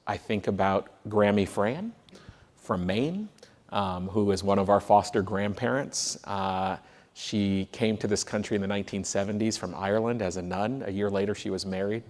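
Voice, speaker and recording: A man on a discussion panel who tells lively anecdotes, often restarting his sentences. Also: lowish voice, normal speed. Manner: animated anecdotes with frequent restarts. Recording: reverberant hall.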